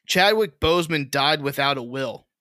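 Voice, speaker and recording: A man's voice: a little high, expressive, normal speed, bright, forceful tone. A man co-hosting a casual podcast, reading headlines aloud and laughing often. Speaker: podcast co-host.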